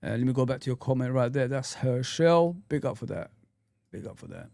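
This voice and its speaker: A man's voice: medium pitch, animated, a little fast, gravelly, dark tone, no echo, studio quality. A young man hosting a casual livestream, reading viewer comments and chatting loosely with slang. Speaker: livestream host. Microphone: streaming setup mic.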